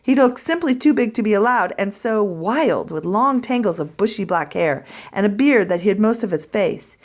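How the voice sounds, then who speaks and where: A woman teacher reading a chapter of a children's book aloud to her students in a clear, expressive storytelling voice. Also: medium pitch, moderate pace.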